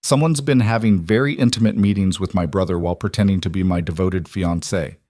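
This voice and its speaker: A man voicing a cold, controlled mafia boss, in a clipped, even manner. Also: low voice, a little fast, no room sound, studio quality.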